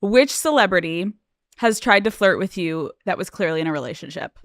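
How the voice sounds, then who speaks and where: A woman hosting a podcast, briskly asking game questions in a teasing, casual way and laughing along. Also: lowish voice, animated, dry recording, clean studio sound. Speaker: podcast host.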